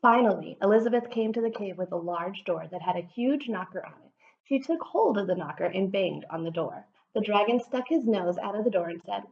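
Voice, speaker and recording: A woman, an art teacher, reading a children's storybook aloud with animated storytelling. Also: medium pitch, brisk, gravelly, highs cut off. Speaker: guest reader, art teacher. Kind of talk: expressive story read-aloud.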